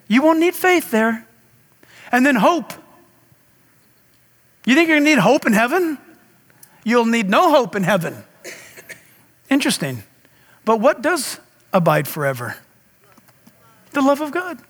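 Pastor guy preaching hard, really high voice, big echoey church. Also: very animated, unhurried, long pauses, a bit bright. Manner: impassioned preaching, direct address to congregation. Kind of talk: sermon.

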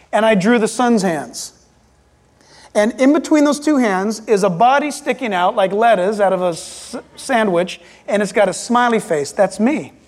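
A man preaching a sermon as pastor, animated and acting out voices and jokes. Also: extremely high pitch. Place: church hall. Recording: reverberant hall.

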